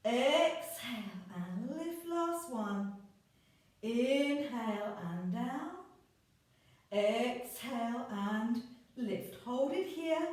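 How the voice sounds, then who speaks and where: A woman leading a pilates class, calmly cueing breath, counting reps and encouraging her students. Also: high voice, distant mic. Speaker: pilates instructor. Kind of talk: guided exercise class instruction. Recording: echoey room, voice a bit off-mic.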